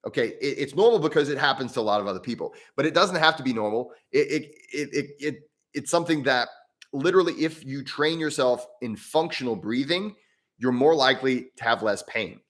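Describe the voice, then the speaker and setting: A man hosting a live stream on breathwork, answering viewer mail in a casual, rambling way with many restarts and easy laughs. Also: brisk. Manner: rambling and chatty, with frequent restarts and self-corrections; animated, with pitch jumping up and down.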